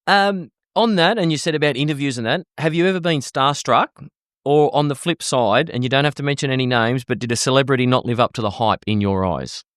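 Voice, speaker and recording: A man's voice: mid-range voice, a little fast, a bit bright, no echo, studio quality. An Australian man hosting a podcast, asking easygoing questions in casual chat. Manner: easygoing, asks questions with brief laughs. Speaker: podcast host.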